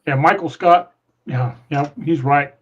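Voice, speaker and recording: A man's voice: fairly high pitch, unhurried, a bit bright. A man hosting a podcast in casual chat, telling a story in a rambling way with frequent restarts. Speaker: podcast host. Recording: muffled lo-fi audio.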